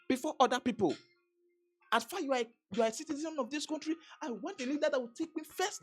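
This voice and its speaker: A Nigerian woman vlogger giving an emphatic political commentary, repeating phrases and restarting sentences as she presses her points. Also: high voice. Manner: emphatic, repetitive, stammering restarts.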